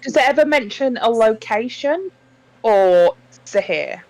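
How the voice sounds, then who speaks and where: A woman in a tabletop game session speaks slowly and hesitantly, voice a little high. She asks questions in character. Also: expressive, a little mellow, poor audio. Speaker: player.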